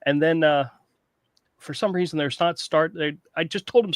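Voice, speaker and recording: A man co-hosting a livestream, speaking in a relaxed, plain-spoken way. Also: fairly high pitch, normal speed, smooth, no echo, clean studio sound. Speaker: livestream co-host. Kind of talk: casual livestream chat.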